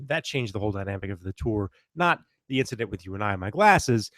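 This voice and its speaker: A man co-hosting a podcast, chatting casually and often laughing. His pitch moves a lot as he reacts to his friend. The sound is dry and close. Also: expressive, fairly quick, a bit bright, no echo. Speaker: podcast co-host. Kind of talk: casual chat.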